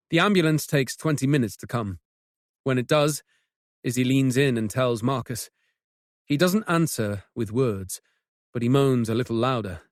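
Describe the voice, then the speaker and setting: A man narrating a mystery audiobook with measured, tense storytelling. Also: medium pitch, dry recording, clean studio sound. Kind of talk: scripted narration.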